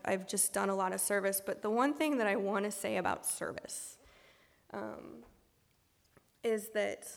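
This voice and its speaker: A woman with a gravelly, fry-edged voice speaks frankly and with self-mockery about her own past, circling back with fillers and restarts as she tells her recovery story. Her voice rings out with a long hall reverb behind it. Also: medium pitch. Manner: candid and self-deprecating, many ums and restarts. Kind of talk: personal testimony talk.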